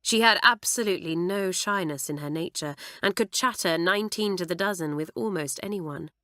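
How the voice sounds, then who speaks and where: A woman reading a children's audiobook aloud in an expressive way, close to the mic. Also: on the low side, moderate pace, no echo. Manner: expressive, animated. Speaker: audiobook narrator.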